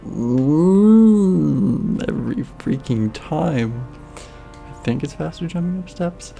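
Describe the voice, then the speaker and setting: A woman streamer chats over gameplay with a low, mellow voice that bounces around a lot. She tosses off sarcastic asides, with soft game music playing under the stream. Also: expressive, takes it slowly, vocal fry. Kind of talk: casual gameplay commentary.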